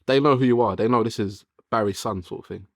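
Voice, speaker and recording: A man's voice: fairly low pitch, fast talker, creaky, dry recording, clean studio sound. A man interviewing a guest, asking short follow-up questions and reacting briefly.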